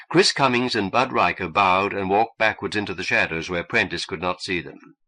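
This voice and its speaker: A man reading an audiobook in a measured, expressive way. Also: lowish voice. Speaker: audiobook narrator.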